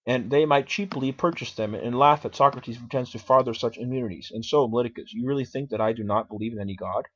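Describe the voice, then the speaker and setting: In a dramatic reading captured on a dull lo-fi recording, a man with a medium-pitched, fairly ordinary voice speaks quickly as an aged male philosopher defending himself in court. He argues and poses questions in a defiant mood.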